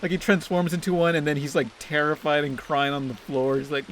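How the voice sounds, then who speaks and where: A man's voice: on the high side, little pitch movement, brisk, fairly bright tone, a little hiss or hum. A young man giving crude, sarcastic, constantly swearing commentary while playing a video game. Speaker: let's play host. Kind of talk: profane gameplay commentary.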